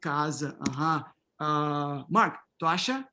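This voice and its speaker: A man's voice: on the high side, lively intonation, slow pace, pushed and bright, slight background noise. A middle-aged man leading an online pronunciation workshop over a video call, calling on students and repeating words back with frequent affirmations. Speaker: workshop instructor.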